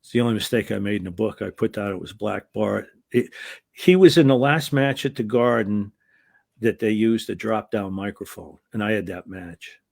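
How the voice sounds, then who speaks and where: A man's voice: on the low side, normal speed, creaky, dry recording, studio quality. An older man, a former wrestling referee, telling rambling anecdotes as an interview guest, often restarting his sentences. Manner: rambling anecdotal storyteller with restarts, lively when telling the punchline. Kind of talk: casual storytelling interview.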